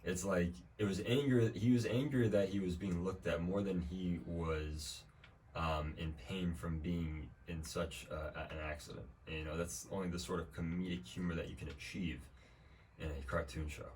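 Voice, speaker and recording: Young man, very deep voice, casual game streamer, rambling and profane, dry humor, distant mic, faint background noise. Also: fairly even intonation, normal speed, a little mellow. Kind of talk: casual gameplay commentary.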